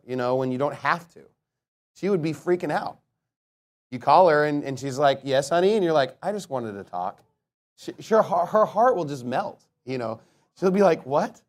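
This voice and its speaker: A man preaching in a relaxed, talky way, his voice sitting a bit high for a man. He breaks into little acted-out quotes and lifts his voice for emphasis, then drops back into easy chat with the congregation. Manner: conversational, with quick acted-out quotes and rising emphasis. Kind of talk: sermon.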